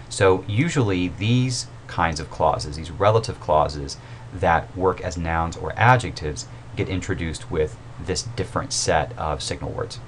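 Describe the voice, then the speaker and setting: A man's voice: low voice, a little hiss or hum. A man who teaches writing, giving a recorded mini-lecture in an informal, explanatory way, with fillers and self-corrections. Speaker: writing instructor.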